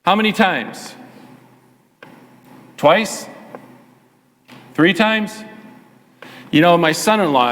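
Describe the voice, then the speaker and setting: A male pastor preaching a sermon, telling a Bible story with animated delivery and chatty asides to the congregation. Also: mid-range voice. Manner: animated storytelling, acts out the voices. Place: church sanctuary. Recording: long reverb of a church hall.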